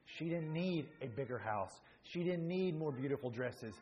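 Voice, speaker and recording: A man's voice: fairly high pitch, animated, normal speed, a little mellow, highs cut off, a little hiss or hum. A male pastor preaching a sermon with earnest, emphatic delivery that rises in bursts.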